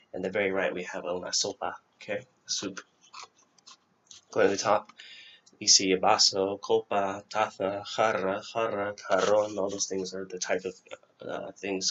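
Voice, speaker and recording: A man's voice: fairly low pitch, fairly bright tone. A man giving an informal vocabulary review lesson as a teacher, talking casually and correcting himself as he goes. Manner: casual, self-correcting, thinks aloud with fillers. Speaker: Spanish teacher. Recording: dull lo-fi recording.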